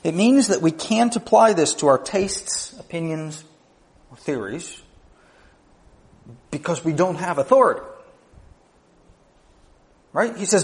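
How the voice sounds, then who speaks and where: A man's voice: fairly high pitch, big pitch swings, measured pace, pauses often. A male pastor delivering a sermon, teaching in numbered points and rising to emphatic peaks.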